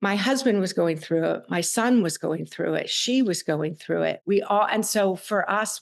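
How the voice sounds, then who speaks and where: A middle-aged woman guest on a talk show, speaking candidly and reflectively about her children leaving home, with emotional, halting restarts. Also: medium pitch. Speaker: podcast guest. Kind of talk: candid personal conversation.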